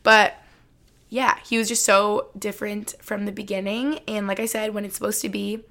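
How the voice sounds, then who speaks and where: A woman's voice: mid-range voice, little pitch movement, moderate pace, creaky, fairly bright tone. A young adult woman vlogger chatting casually to camera, giving earnest advice and saying "like" often.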